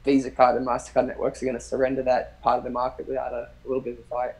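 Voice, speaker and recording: Australian guest, fast talker with a gravelly edge, relaxed rambling chat. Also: male voice, medium pitch, poor audio. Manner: relaxed, rambling, thinks aloud with many restarts. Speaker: livestream guest. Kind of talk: casual chat.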